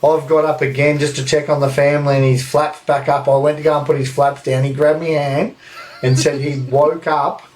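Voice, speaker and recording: Brief: Australian bloke, podcast host, fairly high voice, laughs and swears through his yarns. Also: level tone, normal speed, darkish tone. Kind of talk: casual storytelling chat. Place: indoor room, recorded live.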